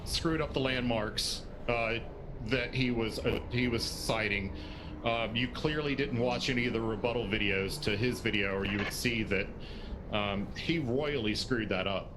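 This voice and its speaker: A man's voice: medium pitch, measured pace, background noise. A man arguing in a livestreamed debate, methodical with frequent fillers. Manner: methodical, filler-heavy rebuttal. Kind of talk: live debate argument.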